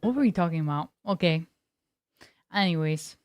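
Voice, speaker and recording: A young adult woman who's a variety streamer chats casually with her live viewers, talkative and rambling, laughing often. Her voice is fairly low, expressive, and moderately paced, and the recording is dry.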